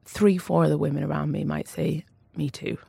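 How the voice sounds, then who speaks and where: A woman's voice: deep voice, steady tone, normal speed, creaky, dark tone, husky, no room sound. A woman, an author guest on a podcast, speaking openly and emotionally, laughing between heavy admissions. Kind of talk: candid podcast conversation.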